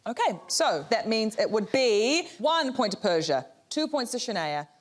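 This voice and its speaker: A woman's voice: on the high side, sing-song, a little slow. A woman hosting a comic game show in a playful, teasing, exclamatory way, in a studio with a live audience. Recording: studio audience laughter and noise behind.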